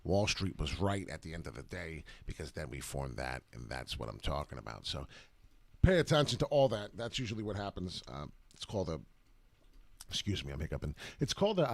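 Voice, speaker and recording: Low-voiced man rambling through crypto charts. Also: vocal fry, no echo. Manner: rambling, excitable, many filler uhs, reacts to viewers by name. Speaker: crypto chart analysis livestream host. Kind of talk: live market chart breakdown.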